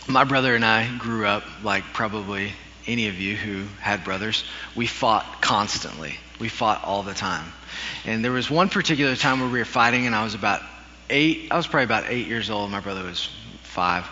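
Earnest preacher man, very bright voice. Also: medium pitch, a little hiss or hum. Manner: storytelling, earnest with self-deprecating humor. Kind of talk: sermon. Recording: dull recording with long hall reverb.

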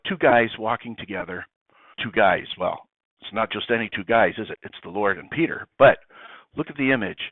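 A priest telling a story in a lively way, acting out the dialogue. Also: male voice, mid-range voice, no echo. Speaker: priest guest. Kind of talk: animated conversational reflection. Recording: tinny phone-like sound, dry.

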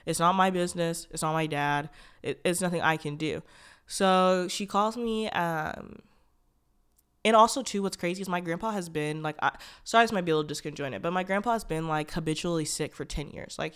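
Young woman, podcast host, smooth clear voice, rambling candid storytelling, lots of "like". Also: lowish voice. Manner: rambling, frequent "like" fillers and restarts, blunt and profane.

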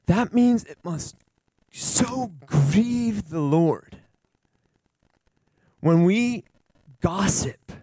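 Earnest high-voiced man sharing at church. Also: very slow, long pauses, slightly rough, no room sound, low-quality recording. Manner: earnest, animated, rambling with restarts. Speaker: church member giving a testimony. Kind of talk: informal sermon sharing.

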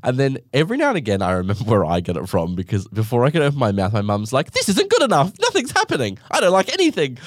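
Young Australian man, podcast host, lively sarcastic storyteller with a low voice and a dry, close sound. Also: no echo. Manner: animated, sarcastic, acts out others in high mocking voices. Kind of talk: casual storytelling monologue.

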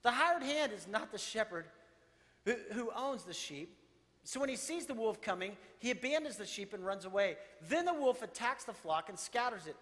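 A man preaching a sermon, reading scripture and explaining it in an animated, conversational way. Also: sits high, moderate pace, in a large hall. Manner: animated preaching, quoting scripture and paraphrasing with rising intensity. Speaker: pastor.

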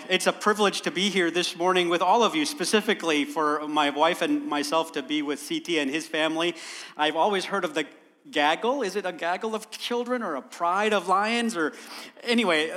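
Bright-voiced guest preacher. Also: male voice, fairly high pitch, big-room sound. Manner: warm storyteller, rhetorical questions. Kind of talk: sermon.

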